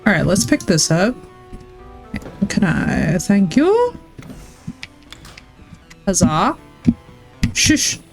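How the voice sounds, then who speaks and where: A woman's voice: fairly low pitch, very animated, takes it slowly, gravelly, pauses often, soft background music. A woman streamer chatting casually while she plays, rambling through stories and swearing freely. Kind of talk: casual chat while gaming.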